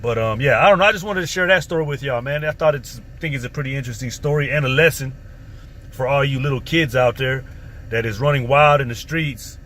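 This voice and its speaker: A man's voice: mid-range voice, fairly quick, a bit bright. A man casually telling a story from his past, in a profane, streetwise, rambling way. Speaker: vlogger. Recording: faint background noise.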